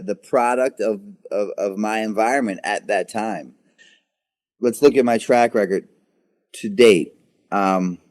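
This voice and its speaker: Man, thirties, lowish voice, halting then emphatic, candid interview guest. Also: darkish tone. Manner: halting, repeats words, then intense and emphatic.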